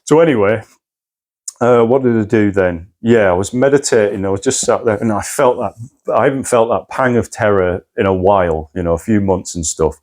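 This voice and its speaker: A man's voice: fairly low pitch, normal speed, a little mellow. A man recounting a personal crisis as a podcast guest, intense and swearing often. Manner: intense, swears often, acts out his own past cries. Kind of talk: candid personal story.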